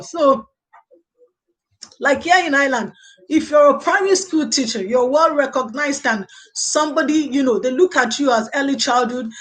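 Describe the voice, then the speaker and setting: With a high voice, this woman runs a relaxed live stream as an early childhood lecturer. She rambles through viewer comments, frequently saying "okay" and "you know."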